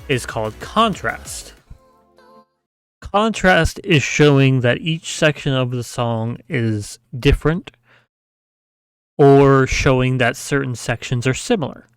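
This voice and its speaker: Give me a relaxed man walking mentees through a tutorial, humming sounds as he explains, with faint music underneath. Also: mid-range voice, clean tone, no echo. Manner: relaxed, explains step by step with frequent "right?"; hums the sounds he describes. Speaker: mapping tutor. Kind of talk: casual screen-share tutorial.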